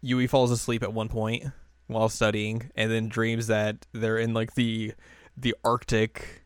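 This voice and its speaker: A man's voice: on the low side, level tone, measured pace, clean tone, dry recording, studio quality. A man co-hosting a podcast, recapping an episode in casual chat, laughing often. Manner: laughs often, rambling recap with acted quotes. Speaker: podcast co-host.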